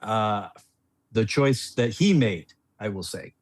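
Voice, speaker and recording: A middle-aged man, a former player as podcast guest, telling a story in a rambling, animated way with many restarts. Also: fairly low pitch, takes it slowly, no echo.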